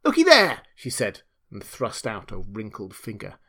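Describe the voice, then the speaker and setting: A man reading a classic novel aloud in measured, dramatic storytelling narration. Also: fairly low pitch, steady tone, vocal fry, a bit bright, breathy edge. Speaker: audiobook reader.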